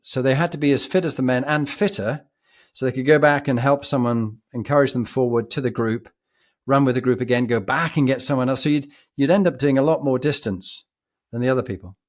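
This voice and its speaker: Man, posh British accent, podcast guest, reflective, vivid storytelling, mid pitch. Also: brisk. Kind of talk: anecdotal storytelling.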